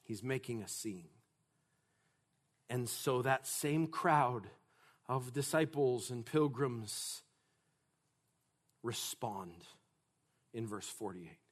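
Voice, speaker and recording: Slow, emphatic male preacher. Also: mid-range voice, animated, husky. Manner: emphatic, builds to loud preaching. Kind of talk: sermon.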